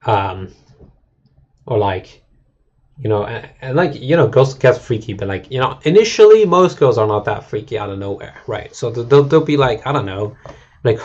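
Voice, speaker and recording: A man's voice: medium pitch, lively intonation, a little slow, long pauses, darkish tone, highs cut off. A male game streamer in a casual, crude and rambling rant to his chat, mocking and full of fillers.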